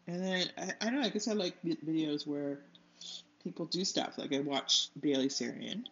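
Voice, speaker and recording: A woman's voice: deep voice, normal speed, fairly bright tone. A woman chats casually as she paints, drifting from one thought to the next and laughing at herself when she loses track. The room sounds roomy and the audio a bit dull, with faint music underneath. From United States. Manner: rambling, loses her train of thought, laughs often. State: allergies. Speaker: artist and channel host. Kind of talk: casual chat while painting.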